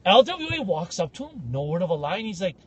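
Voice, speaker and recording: A man co-hosts a podcast, telling a story in a casual rant with a high-pitched, fast voice that has a breathy edge. He's animated and acts out the voices of the people in his tale.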